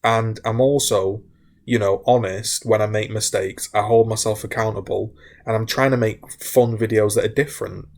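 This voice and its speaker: A man's voice: lowish voice, fairly even intonation, moderate pace, gravelly, darkish tone. A man, a gaming content creator, talking candidly to his viewers, wound up and frustrated, rambling with repeated restarts. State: wound up, hiccuping. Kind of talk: candid talk to camera.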